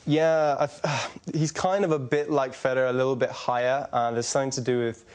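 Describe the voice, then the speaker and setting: A man's voice: mid-range voice, fairly even intonation, darkish tone. A young adult man being interviewed as an impressionist, chatty and rambling in a casual way. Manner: chatty, rambling, quick to laugh. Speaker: impressionist guest.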